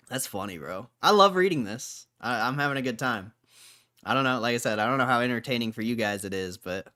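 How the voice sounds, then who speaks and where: Man, casual streamer, smooth clear voice, laughs a lot, says bro. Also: mid-range voice, a bit bright. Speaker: livestream host. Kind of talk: casual livestream, reading comments aloud.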